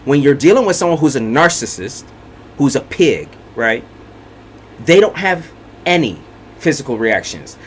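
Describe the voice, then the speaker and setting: A man's voice: mid-range voice, very animated, normal speed, slight background noise. A man giving a casual tarot reading monologue, blunt and profane, repeating his points for emphasis. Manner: blunt, profane and repetitive, hammering points home. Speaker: tarot reader.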